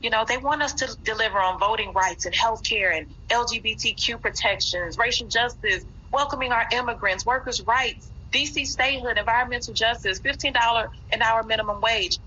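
A woman's voice: a little high, a little fast, few pauses, pushed and bright, a little hiss or hum. A woman politician answering interview questions in a firm, speech-like delivery. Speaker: politician guest. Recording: dull lo-fi clip with faint ambience.

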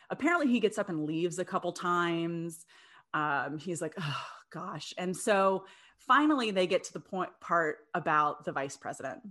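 Young woman, storytelling podcast chat, slightly low voice, laughs often, lots of fillers. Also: fairly bright tone. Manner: chatty, laughs often, many fillers and restarts. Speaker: podcast co-host telling a history story.

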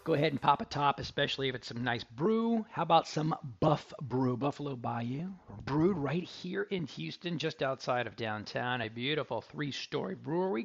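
Gravelly, chatty radio host. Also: male voice, fairly high pitch, lo-fi sound. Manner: chatty, joking, punning. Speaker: radio tech show host. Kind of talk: casual radio talk with ad reads.

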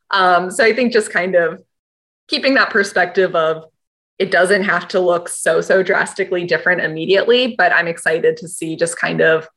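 Thoughtful woman reporter, lowish bright voice. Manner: thoughtful, filler-heavy, relaxed. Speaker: sports reporter, co-host. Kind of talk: casual sports chat.

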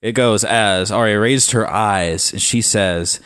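A man with a fairly low voice co-hosts a relaxed podcast chat. He jokes constantly, laughs easily and slips into goofy quoted voices. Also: slow pace, few pauses, clean tone, dry recording, clean studio sound. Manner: jokey, laughing, breaks into silly quoted voices. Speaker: podcast co-host. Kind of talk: casual chat.

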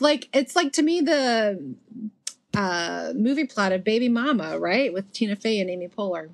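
A woman's voice: medium pitch, no echo. A young adult woman on a podcast, chatting casually and telling stories with sarcastic asides. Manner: animated storyteller, quick sarcastic asides. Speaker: podcast co-host. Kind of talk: casual chat.

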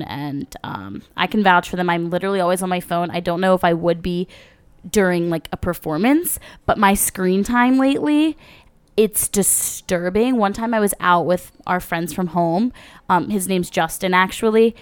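Smooth-voiced young woman, casual and profane. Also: fairly low pitch, normal speed. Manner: loose and profane, filler-heavy. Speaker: podcast co-host. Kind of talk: casual chat.

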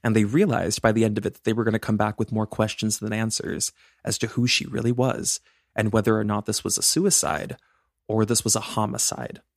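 Man, podcast co-host, chatty, playful, low voice, dry sound. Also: little pitch movement, a little fast, creaky, no room sound. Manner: chatty, playful, laughs often. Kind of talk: casual true-crime podcast chat.

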